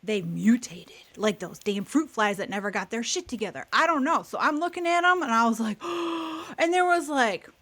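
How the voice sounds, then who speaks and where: A woman's voice: a little high, animated, a little fast, hardly any pauses, fairly bright tone. A woman co-hosting a podcast, telling a childhood story in casual chat, acting out quotes and laughing often. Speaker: podcast co-host.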